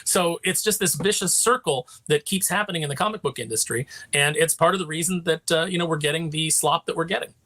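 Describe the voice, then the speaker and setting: A man with a bright, forceful voice and a rapid delivery, speaking as a guest in a casual chat. He retells things passionately and barely pauses. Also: fairly high pitch. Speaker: guest, comic writer and editor.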